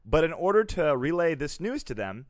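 Male host, animated comic news reader, higher voice with a bouncing pitch, dry close sound. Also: moderate pace, dry recording. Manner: animated, jokey, puts on mock accents. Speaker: podcast host reading news. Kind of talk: comedic news banter.

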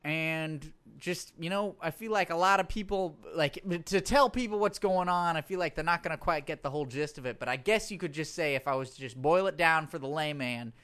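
A man's voice: fairly high pitch, a little fast, few pauses, fairly bright tone, smooth, lightly acted. A man playing a spacey male wrestler who gives rambling special reports and loses his thread as he goes.

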